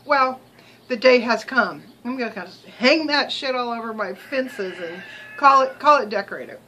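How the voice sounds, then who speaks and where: A woman's voice: a little high, normal speed, bright, forceful tone, poor audio. An older woman vlogging in a rambling, chatty way, with many ums and restarts, sometimes talking while she chews. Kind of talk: casual chat to camera.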